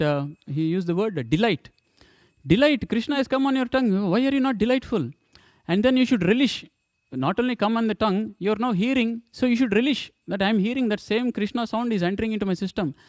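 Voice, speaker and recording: A man's voice: high voice, a little fast, a little mellow, dry recording, studio quality. A man giving a temple scripture class, emphatic, repeating points and asking rhetorical questions.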